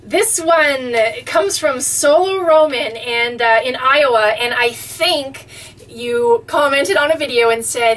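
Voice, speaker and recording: High-voiced woman reading fan mail. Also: fairly bright tone, recorded from a distance. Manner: effusive, easily touched, exclaims often. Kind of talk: casual chat.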